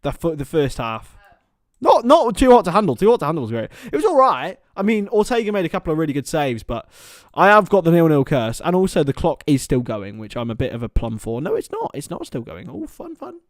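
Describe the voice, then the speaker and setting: Young male streamer, bouncy higher voice, chatty and jokey, dry close sound. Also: big pitch swings, quick pace, hardly any pauses, no room sound. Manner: chatty, jokey, addresses viewers as lads. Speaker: livestream host. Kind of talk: casual football watchalong chat.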